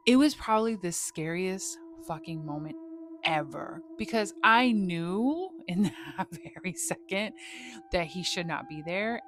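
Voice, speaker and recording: A woman's voice: on the low side, fairly bright tone. A woman telling a personal story in a casual, slangy way, swearing freely as she goes.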